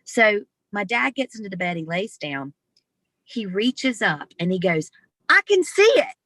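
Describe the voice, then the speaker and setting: A woman being interviewed over a video call, telling a personal story in a lively, expressive way. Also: medium pitch, a little slow, dry recording. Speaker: interview guest. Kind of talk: storytelling in conversation.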